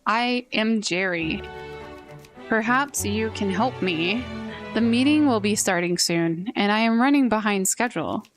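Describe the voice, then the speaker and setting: A woman's voice: mid-range voice, measured pace, faint music behind, close to an everyday voice. A woman voicing a stiff, overly formal businessman customer in a video game who keeps insisting on coffee.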